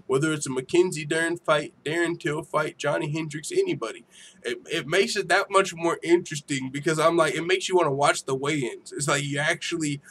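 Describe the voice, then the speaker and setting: Profane, animated male stream host. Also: on the high side, fairly quick, slight background noise. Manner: profane, laughing, animated banter. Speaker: MMA show host. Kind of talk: casual livestream chat reading viewer comments.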